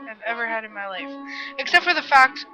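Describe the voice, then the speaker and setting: A woman voicing a bossy, sharp-tongued teenage girl in a read-aloud story. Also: sits high, moderate pace. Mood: joyful. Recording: muffled lo-fi with music behind.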